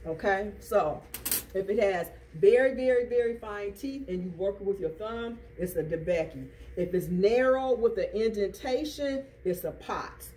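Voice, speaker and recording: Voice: medium pitch, measured pace, a little mellow. An instructor teaching a class, drilling terms through rhythmic repetition and call-and-response questions. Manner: quizzes students with call-and-response. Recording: distant classroom recording, faint noise.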